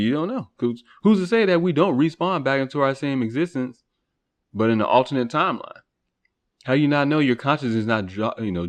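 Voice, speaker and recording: A man hosting a podcast, talking through philosophical questions in a rambling monologue full of rhetorical questions and restarts. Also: mid-range voice. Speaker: podcast host.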